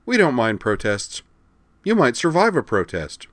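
A man voicing a brash, confident woman admiral giving brisk commands. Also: medium pitch, huge pitch swings, fairly bright tone, no echo, pitched above the performer's own voice, exaggerated voice. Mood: cocky commanding.

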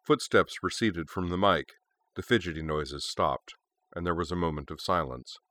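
A man narrating a story in a steady, measured way. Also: low-pitched, no echo. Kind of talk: story reading.

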